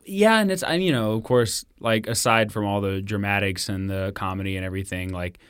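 A man's voice: on the low side, fairly quick, a bit bright, clear, resonant tone, dry recording, studio quality. A man co-hosting a casual chat, joking and musing with plenty of fillers. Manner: easygoing, joking, hesitant with fillers. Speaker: podcast co-host.

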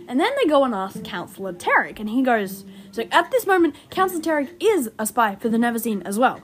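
A young woman hosting an unscripted fan-theory podcast, excitable and rambling, who speeds up when excited. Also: on the high side, fast talker. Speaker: podcast host. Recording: music playing behind the voice.

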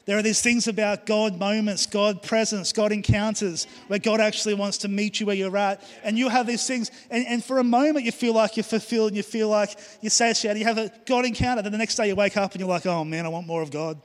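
Pastor preaching with fervour, ringing hall. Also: male voice, high voice, steady tone, brisk, hardly any pauses. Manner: enthusiastic, emphatic preaching with repeated phrases. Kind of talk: sermon. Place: church hall. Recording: long hall reverb.

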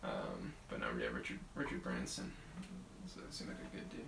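A man co-hosting a casual podcast chat, joking, laughing and slipping into quick impressions. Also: a bass voice, fairly even intonation, gravelly, echoey room, recorded from a distance, background noise. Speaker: podcast co-host.

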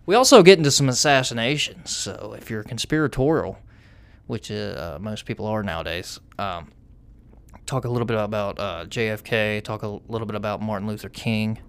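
A man's voice: fairly low pitch, moderate pace, clear, resonant tone. Rambling southern man hosting a podcast. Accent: Southern American. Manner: rambling with many fillers. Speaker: podcast host. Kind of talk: casual podcast chat.

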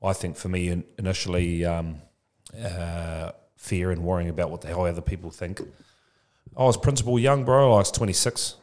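In a low, slightly mellow voice at a moderate pace, a man in his forties speaks as a guest on a podcast, where he's a childcare business founder. The interview is candid and conversational; he's casual, frank and reflective, and keeps calling the host "bro."

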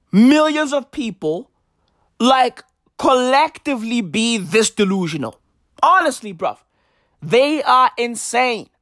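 A young comedic commentator with a very high-pitched, somewhat bright voice delivers a profane rant, recorded at studio quality with no echo. He's emphatic and slangy, swearing and repeating his points again and again.

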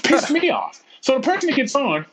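A man's voice: extremely high pitch, wildly swooping pitch, a little fast, crowd noise. A man co-hosting a podcast, telling stories casually with lots of swearing and laughter, acting out the people in them. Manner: profane, laughing, acts out voices in his stories. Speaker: podcast co-host. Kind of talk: casual storytelling chat.

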